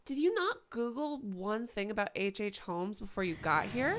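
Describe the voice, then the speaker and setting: Bright-voiced woman streaming a horror game. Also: medium pitch, normal speed, gravelly, few pauses. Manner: chatty, swears, yells at characters. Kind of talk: live gameplay commentary.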